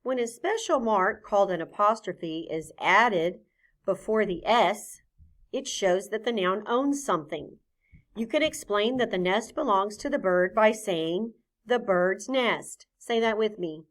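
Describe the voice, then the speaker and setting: In a mid-range voice, a woman teaches young children a phonics lesson, patient and clear as she deliberately sounds out each letter sound.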